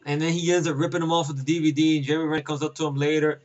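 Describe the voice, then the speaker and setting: A man giving a casual, rambling film review, profane and excitable, acting out scenes with voices. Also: on the high side, very fast, lo-fi sound. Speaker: movie reviewer.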